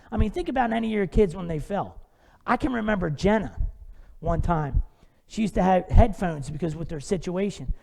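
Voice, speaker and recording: A man's voice: high-pitched, vocal fry, darkish tone. A man preaching a sermon in a church, talking conversationally with rhetorical questions and everyday asides. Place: church sanctuary. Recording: long hall reverb.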